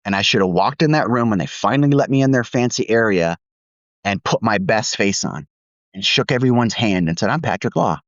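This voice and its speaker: A man's voice: on the low side, a little fast, no room sound, lo-fi sound. A man co-hosting a podcast tells a candid work story. He pokes fun at himself and laughs as he talks. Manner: candid, self-deprecating, laughs while telling stories. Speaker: podcast co-host.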